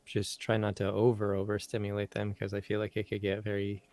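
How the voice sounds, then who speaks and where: A young man co-hosting a livestream who chats casually, relaxed and unhurried. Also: fairly low pitch. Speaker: co-host reading the chat. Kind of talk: casual chat. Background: faint music.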